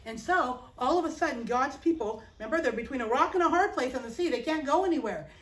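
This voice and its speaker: High-voiced woman telling a Bible story. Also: fast. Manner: lively, playful, expressive. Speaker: children's Bible teacher. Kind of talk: animated Bible storytelling for children. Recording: roomy, distant mic.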